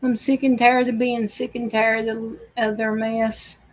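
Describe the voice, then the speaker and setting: A woman's voice: a little high, level tone, a little slow, rough recording. A woman hosting a casual reaction vlog, telling family stories in a chatty way and laughing often. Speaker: video host.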